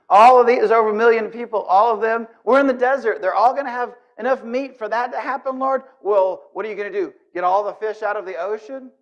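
A man playing Moses as flustered and incredulous, pitch rising as he doubts. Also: measured pace, pauses often, lo-fi sound.

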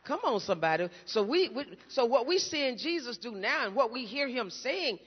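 A woman preacher giving a fervent sermon, repeating phrases and calling out to her congregation, moving between quiet teaching and loud shouting. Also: fairly high pitch, sing-song, fairly quick, breathy edge. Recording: dull recording with long hall reverb.

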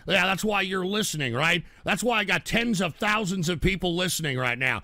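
Gravelly, loud ranting middle-aged man. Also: a little high, normal speed, dry recording. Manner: loud, profane, abrasive, shouts at chatters. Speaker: livestream host. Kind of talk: ranting live show commentary.

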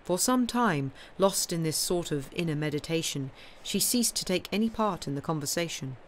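A woman reading a classic novel aloud on a livestream in a measured storytelling manner. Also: on the low side, slight background noise. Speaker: audiobook reader.

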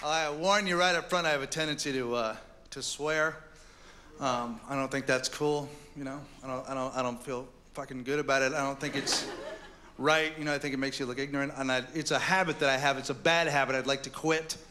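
A man's voice: mid-range voice, fairly even intonation, brisk, bright, forceful tone, a little hiss or hum. Sweary forty-year-old man comic. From United States. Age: 40s. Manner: sweary, ranting, exasperated. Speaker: stand-up comedian. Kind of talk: stand-up comedy routine. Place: comedy stage before a live audience. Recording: live stage mic with crowd. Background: audience laughter.

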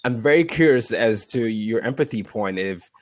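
A man's voice: lowish voice, lively intonation, normal speed, no echo, studio quality. A man in his twenties hosting a podcast, asking earnest, reflective questions in casual conversation. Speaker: podcast host.

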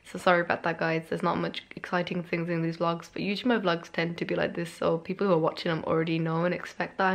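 A woman's voice: fairly low pitch, creaky. A tired young woman, rambling casually to camera in her room at home, a little out of breath. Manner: rambling, chatty, self-deprecating, slightly out of breath. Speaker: vlogger. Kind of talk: casual vlog chat to camera. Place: bedroom at home.

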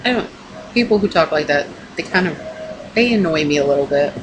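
A woman's voice: low voice, expressive, fairly quick. A young woman in a casual vlog pep talk, rambling and emphatic, swearing a lot as she talks to her camera at home. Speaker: vlogger. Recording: noisy home recording.

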